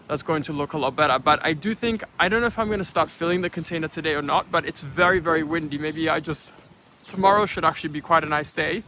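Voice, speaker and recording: A man chatting excitedly to his camera outdoors on his rural property, full of exclamations. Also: on the high side, a little hiss or hum. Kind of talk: casual vlog chat to camera. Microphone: handheld camera.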